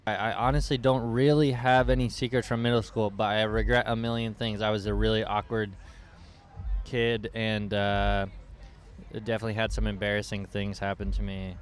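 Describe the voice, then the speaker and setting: A man's voice: lowish voice, flat delivery, normal speed. A man musician reflecting in a laid-back way at an outdoor festival interview. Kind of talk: casual festival Q&A.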